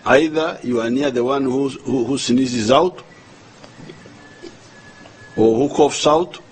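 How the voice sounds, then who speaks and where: An older man with a Ugandan accent giving a formal address to the nation as head of state, speaking slowly and deliberately and often repeating words as he searches for the next one. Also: mid-range voice, slight background noise, rough recording.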